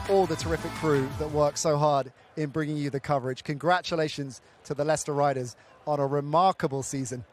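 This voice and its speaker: Man, sports presenter, upbeat, polished, slightly high voice, music underneath. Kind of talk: broadcast sign-off.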